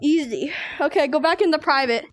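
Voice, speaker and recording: A woman hosting a gaming video, giving excitable gameplay commentary and often squealing, laughing and shouting playfully. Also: high-pitched, brisk. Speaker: gaming channel host.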